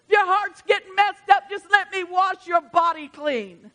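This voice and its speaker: A woman preacher voicing God as a loud, fatherly, protective judge. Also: very high voice, a little slow, pitched above the performer's own voice. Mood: commanding. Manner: emphatic, reassuring.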